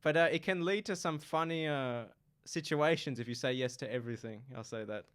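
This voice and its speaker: A young man, a student guest in a casual chat, talking in a halting, playful way and repeating words. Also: fairly high pitch, fairly bright tone, clear, resonant tone. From Australia.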